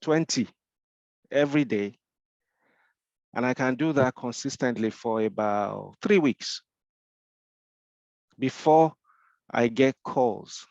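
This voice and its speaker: A man's voice: medium pitch, slow pace, creaky, pauses often, darkish tone, no room sound, lo-fi sound. A man with a Nigerian accent, mentoring in a Q&A discussion, explaining with rhetorical questions and frequent repeated restarts.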